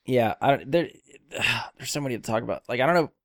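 Male podcast host, mid-pitch, keen and casual, dry close mic. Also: animated, brisk, dry recording. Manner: enthusiastic, swears casually. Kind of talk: casual film discussion.

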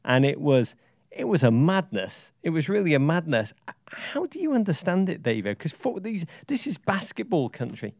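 A man with a gravelly, creaky edge to his voice, chatting as a podcast co-host. He tells stories in a rambling, excitable way. The sound is close and dry, with no room around it. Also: on the high side, moderate pace, no echo. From England. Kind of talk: casual chat.

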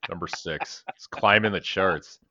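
A middle-aged man with a low but bright, forceful voice, chatting loosely on a podcast and swearing now and then. His speech wanders through restarts and asides. The recording is dry and a bit dull, like lo-fi podcast audio. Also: measured pace, no room sound. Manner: rambling, swears casually, talks while eating. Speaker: podcast co-host. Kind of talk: casual podcast chat.

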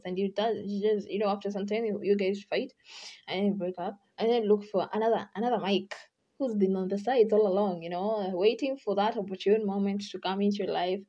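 A woman talks her way through relationship advice in a loose, chatty podcast monologue, and she slips into little acted-out voices as she goes. Her voice is mellow and a bit husky, with a soft, dark tone. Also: medium pitch, normal speed, highs cut off. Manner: chatty, acts out quoted voices, laughs often. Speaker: podcast host.

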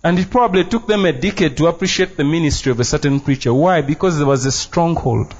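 A man's voice: on the high side, fast, slightly rough. A man preaching a sermon as pastor in a church, emphatic and playful, dropping Luganda phrases into his English. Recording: dull, muffled sound.

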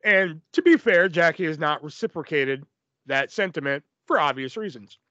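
A man's voice: fairly high pitch, lively intonation, normal speed, pushed and bright, no room sound. A man hosting a podcast, telling stories in casual chat, rambling and swearing with lots of fillers. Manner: profane, rambling, filler-heavy. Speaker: podcast host. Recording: dull lo-fi, dry.

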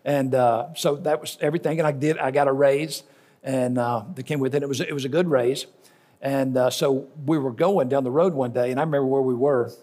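A man's voice: medium pitch, steady tone, brisk, a little mellow. A middle-aged male pastor giving a folksy sermon, telling stories and repeating lines for emphasis. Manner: folksy storytelling preacher with repetitions for emphasis.

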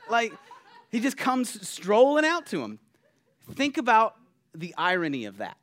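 Animated, conversational male preacher. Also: high voice, a little slow, long pauses, a faint crowd. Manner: conversational, animated, keeps asking "right?". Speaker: pastor. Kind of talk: sermon.

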